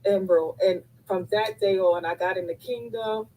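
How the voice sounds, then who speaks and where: A woman's voice: mid-range voice, fairly even intonation, normal speed, heavy background noise. A woman in her fifties on a live call, tearful and effusive, thanking the host over and over. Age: 50s. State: crying. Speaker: caller on a live stream.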